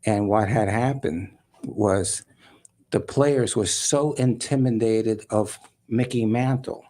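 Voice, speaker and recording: A man guest on a talk show, telling a story in a lively way and acting out other people's voices. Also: on the low side, slow pace.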